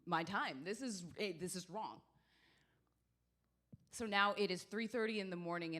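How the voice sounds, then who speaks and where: A woman doing stand-up comedy, telling stories in a brash, profane, animated way. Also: medium pitch.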